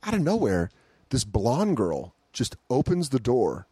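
A man hosting a comedy podcast, telling a story in a casual chat and acting out quotes with big jumps in pitch, swearing freely. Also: huge pitch swings, a little slow, dark tone, husky, no echo. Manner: swears freely, laughs through stories.

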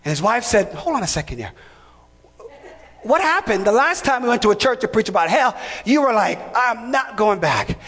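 High-voiced man preaching in a hall. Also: very animated, a little fast. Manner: emphatic, shouting call-and-response preaching. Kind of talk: sermon. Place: church sanctuary. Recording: long reverb of a large hall.

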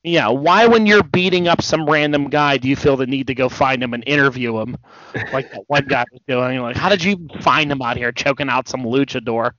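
Yawning and a little worn out, this male podcast co-host talks wrestling casually in a mid-range, somewhat bright voice at a brisk clip. His delivery meanders with hesitations and frequent restarts, and the recording is dull and dry, without echo.

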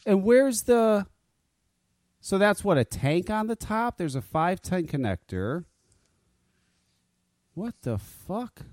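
A man's voice: high voice, big pitch swings, a little slow, a little mellow, no echo, clean studio sound. A man hosting a casual talk radio show, joking and swearing, often stammering and repeating words. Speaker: podcast host.

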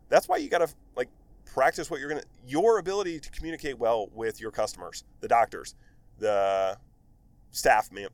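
Male solo podcaster, loose and animated storyteller, mid-pitched voice, recorded dry and close. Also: no echo. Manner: rambling, filler-heavy, animated storytelling. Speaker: podcast host, medical device rep. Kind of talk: casual solo podcast monologue.

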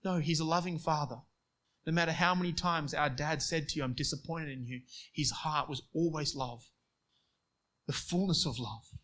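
A man preaching a sermon, moving between quiet storytelling and emphatic passages. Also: on the high side, moderate pace.

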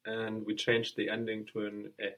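A man's voice: lowish voice, completely flat delivery, normal speed, a bit bright. A man answering questions as a student in a language lesson, a little tentative.

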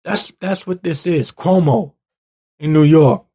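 A man's voice: fairly high pitch, unhurried, mellow. A man hosting his own show, delivering an angry, profane political rant that keeps building into heated outbursts. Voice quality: gravelly, husky. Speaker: show host.

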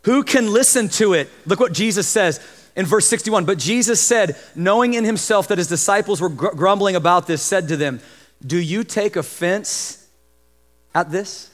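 A man preaching a sermon as pastor, lively, acting out the voices of the people he describes. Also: high voice, fairly quick. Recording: long hall reverb.

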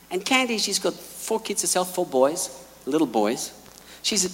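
A man preaching a sermon, telling stories in an animated way and acting out quotes. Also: high voice, moderate pace, in a large hall.

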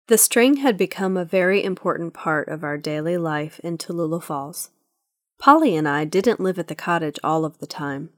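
A woman's voice: on the low side, moderate pace, dry recording, studio quality. Woman narrating a children's audiobook. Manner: even, storytelling read.

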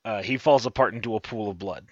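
A man narrating a tabletop game as game master, describing scenes slowly and vividly over an online voice call. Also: lowish voice, no room sound, highs cut off. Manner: slow, vivid scene description with drawn-out words.

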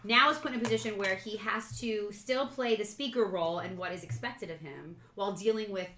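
A woman with a bright, forceful voice talks through politics like a congressional scholar, analytical and quick to laugh. She sounds like she is in an echoey room. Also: medium pitch. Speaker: political science guest. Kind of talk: casual political chat.

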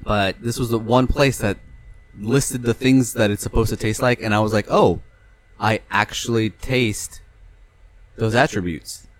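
A man's voice: fairly low pitch, fairly even intonation, moderate pace, no echo. A young man from California chatting on a podcast, rambling loosely, swearing casually and laughing easily. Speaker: podcast co-host. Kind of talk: casual chat.

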